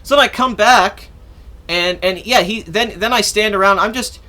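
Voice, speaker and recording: A man's voice: high voice, moderate pace, pushed and bright. A young adult man hosting a podcast, telling a long casual story in a rambling way, swearing freely and acting out what people said. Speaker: podcast host.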